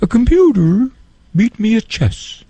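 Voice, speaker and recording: A man imitating a comedian with a sing-songy, deadpan delivery. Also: sits high, unhurried, breathy edge, no room sound, voice pushed up, full character voice.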